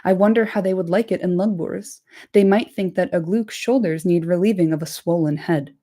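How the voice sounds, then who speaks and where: A woman reading the part of a sly evil male orc messenger with a soft, sneering, mocking voice. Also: fairly low pitch, moderate pace, natural voice. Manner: mocking, threatening.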